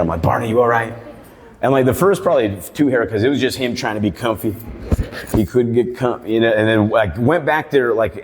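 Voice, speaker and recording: A man telling a stand-up story in a barbershop, rambling and profane. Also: fairly low pitch. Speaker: stand-up comedian. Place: barbershop comedy show. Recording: long reverb of a live room.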